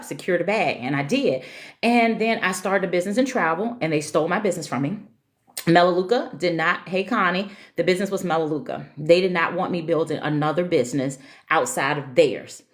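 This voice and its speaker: A woman, chatting casually on a live stream, folksy and talkative as she greets viewers by name. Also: lowish voice.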